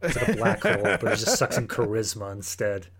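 A man from the United States co-hosting a casual film review podcast in a relaxed, easygoing way. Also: fairly low pitch, brisk, breathy edge. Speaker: podcast co-host.

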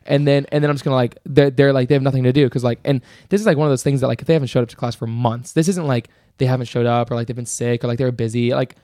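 A man's voice: medium pitch, very fast, hardly any pauses, dry recording, studio quality. Rambling young man telling a story. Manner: rambling, animated storyteller full of fillers. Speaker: podcast co-host. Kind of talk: casual storytelling chat.

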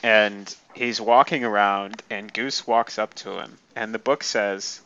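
A man in a book club chat, ranting about a book with animated exasperation. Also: lowish voice, measured pace, clear, resonant tone, dull audio. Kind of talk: casual chat.

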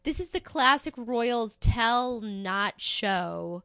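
A young woman co-hosting a podcast, giving a wry, sarcastic critique of a TV show in quick bursts. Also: fairly high pitch, expressive, pushed and bright, clean tone, no room sound, studio quality. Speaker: podcast co-host. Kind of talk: casual chat reviewing a TV show.

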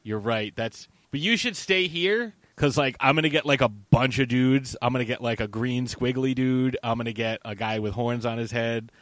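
A man hosting a casual chat, rambling and swearing as he recaps a film. He acts out characters in quick bursts. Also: fairly even intonation, dry recording. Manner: rambling, profane, acts out characters with big pitch jumps. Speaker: podcast host.

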